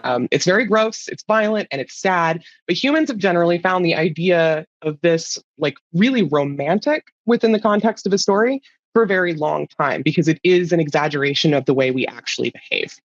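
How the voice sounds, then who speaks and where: A woman's voice: lowish voice, animated, fairly quick, no room sound. Chatty woman with dull lo-fi sound. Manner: chatty, informal, swears casually. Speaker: guest speaker giving a talk. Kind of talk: casual conference talk.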